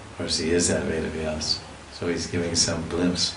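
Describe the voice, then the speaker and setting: Deep-voiced man giving a devotional lecture. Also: normal speed, creaky, reverberant, slight background noise, low-quality recording. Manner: animated storytelling, reciting verses and acting out cries of longing. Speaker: swami giving a scripture class.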